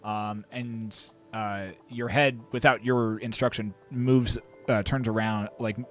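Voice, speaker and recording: Man narrating a tabletop game, lower voice. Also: steady tone, slow pace, soft background music. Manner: hesitant, many fillers. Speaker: dungeon master.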